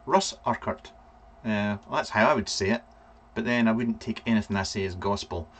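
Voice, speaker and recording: A man's voice: fairly low pitch, fairly even intonation, fairly quick. Scottish man rambling on a live stream. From Scotland. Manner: rambling, reads out viewer names with frequent ums. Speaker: vape reviewer and live vlog host. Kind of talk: casual live-stream chat.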